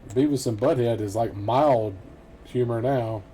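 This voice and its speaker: A man's voice: mid-range voice, measured pace, warm tone, slight background noise. A middle-aged man chatting casually and ramblingly over gameplay, often chuckling to himself. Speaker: gameplay commentator. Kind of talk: casual let's-play commentary.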